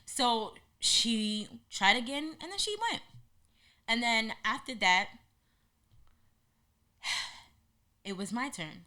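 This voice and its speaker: A woman hosting a podcast, telling a personal story in an animated way and acting out what people said. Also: on the high side, takes it slowly, long pauses. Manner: animated, acts out quotes in lively voices. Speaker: podcast host.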